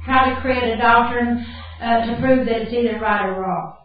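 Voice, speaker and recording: A woman's voice: on the high side, moderate pace. An older woman giving a Bible camp teaching talk in a folksy, chatty way, breaking off to laugh at her own stories. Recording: very echoey hall, distant and dull.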